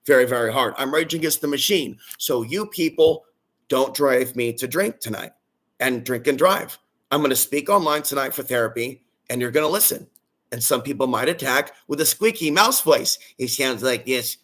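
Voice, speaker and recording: A man's voice: mid-range voice, animated, moderate pace, a bit bright. A male host giving a preachy, ranting livestream monologue and calling out to his audience for amens.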